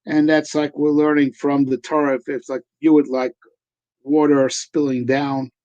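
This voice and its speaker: A man's voice: fairly high pitch, little pitch movement, moderate pace, darkish tone, no echo, dull audio. A man, a rabbi, answering questions in a casual teaching talk, hesitant with many fillers and frequent "right?" tags.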